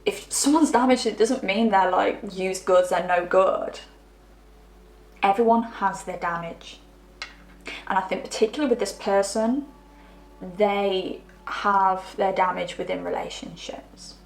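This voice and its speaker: Woman, tarot reader, middle pitch, chatty and rambling, roomy echo. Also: a little slow. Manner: chatty, rambling, trips over words. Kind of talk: pick-a-card tarot reading.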